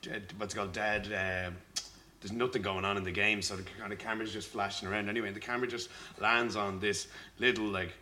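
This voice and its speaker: A man's voice: lowish voice, flat delivery, fast talker, pushed and bright, slight background noise. A man, a band member, telling a rambling story and groping for words as a podcast guest. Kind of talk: casual storytelling. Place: bar. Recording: bar with crowd chatter. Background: pub crowd.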